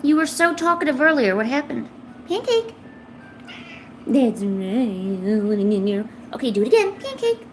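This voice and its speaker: A young woman streaming, coaxing and teasing her cat in a playful, high-pitched baby-talk voice. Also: big pitch swings, moderate pace, few pauses, soft background music. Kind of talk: live-stream chat.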